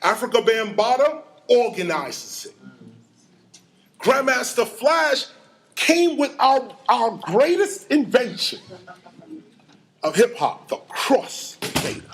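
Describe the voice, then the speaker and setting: A middle-aged man giving an animated storytelling lecture, acting out sounds and quotes. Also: extremely high pitch, slow. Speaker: hip hop lecturer.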